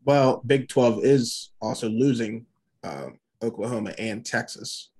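A man co-hosting a podcast, talking sports in a halting way with frequent restarts and swearing. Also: mid-range voice, a little mellow, breathy edge. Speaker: podcast co-host. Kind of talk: casual sports chat.

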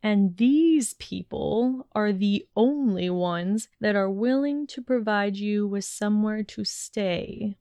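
Condescending male professor voiced by a woman, slow, scolding, smooth tone, dry sound. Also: medium pitch, fairly even intonation, a little mellow, no echo, natural voice. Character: cold condescending middle-aged male professor. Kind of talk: fan fiction audiobook reading.

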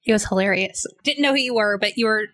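A woman's voice: mid-range voice, fast talker, a bit bright, no room sound. A young adult woman with a Southern US accent, co-hosting a podcast in chatty, enthusiastic casual conversation. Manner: chatty, enthusiastic, laughs easily. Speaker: podcast co-host.

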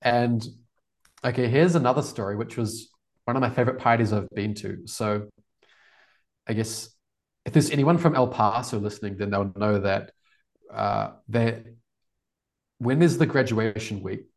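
Podcast guest: New Zealand man in his twenties, relaxed and rambling. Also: lowish voice, moderate pace, long pauses. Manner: relaxed, rambling, laughs often. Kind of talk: casual storytelling interview.

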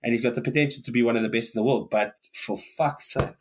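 A man's voice: mid-range voice, fast, slight background noise. A man, co-hosting a podcast, ranting heatedly in casual chat and swearing often. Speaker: podcast co-host.

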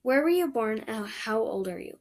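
A woman's voice: on the high side, animated, moderate pace, a little mellow, close to an everyday voice. A woman voicing a stern, dry older woman guardian who speaks curtly and bluntly. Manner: curt, blunt, matter-of-fact.

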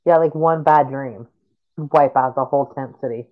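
A man jumping in with quick, joking remarks during a casual podcast book chat. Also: medium pitch, narrow, tinny audio. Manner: quick interjections, agreeing and joking. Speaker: podcast co-host.

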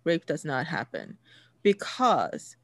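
A woman's voice: deep voice, huge pitch swings, takes it slowly, no echo. A woman telling a personal story in casual chat, full of fillers and restarts. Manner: chatty, many fillers and restarts, laughs while telling.

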